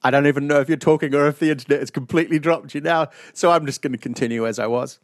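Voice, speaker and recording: A man hosting a casual podcast chat, telling stories in a profane, animated way. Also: a little high, rapid-fire, no room sound, studio quality. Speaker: podcast host. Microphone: online call mic.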